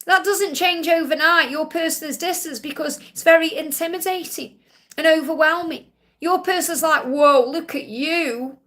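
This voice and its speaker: Here the psychic's voice is very high, pushed and bright, with fairly even intonation at a moderate pace. She offers spiritual readings during a live Q&A, calm and reassuring, often saying things more than once.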